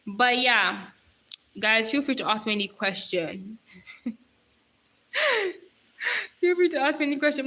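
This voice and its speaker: A bright, clear-toned young woman chats into her phone during a casual livestream, reading out viewer comments one after another. She talks straight to her viewers in a loose, giggly, rambling way. Her voice sits a little high for a woman. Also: expressive, normal speed, long pauses, poor audio. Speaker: livestream host.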